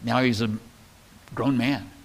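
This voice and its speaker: Chatty pastor, man, mid-pitched. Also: slow, creaky. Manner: relaxed and chatty, with joking asides. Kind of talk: conversational Bible teaching.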